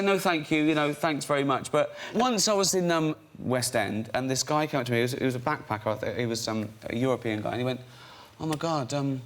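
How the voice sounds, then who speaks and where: A British man on a chat show, chatting through a story and acting out the fans he quotes. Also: fairly high pitch. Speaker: comedian guest. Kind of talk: comic anecdote on a chat show. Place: TV studio with audience.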